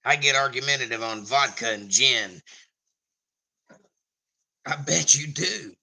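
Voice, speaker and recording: A man's voice: mid-range voice, takes it slowly, creaky, bright, forceful tone, low-quality recording. A man hosting a casual live stream, reading chat comments aloud in a jokey, rambling way.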